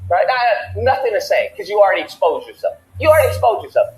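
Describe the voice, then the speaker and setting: A man's voice: high-pitched, sing-song, fast, a little mellow, reverberant, low-quality recording. A man hosting a casual talk show, telling a heated story and acting out both sides of the argument. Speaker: podcast host. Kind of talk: animated storytelling rant.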